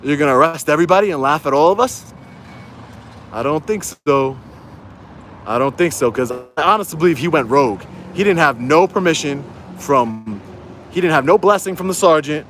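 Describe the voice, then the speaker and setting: A man's voice: a little high, lively intonation, moderate pace, fairly bright tone, faint music behind. Fired-up man ranting on a livestream. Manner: heated, repetitive, rallying his viewers. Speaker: YouTube auditor livestreaming. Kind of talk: angry livestream rant.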